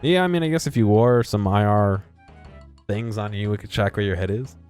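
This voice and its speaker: Low-voiced casual gaming commentator, man. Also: fairly quick, darkish tone, faint music behind. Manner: casual and profane, laughing at the game. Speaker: gaming YouTuber. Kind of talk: let's play commentary.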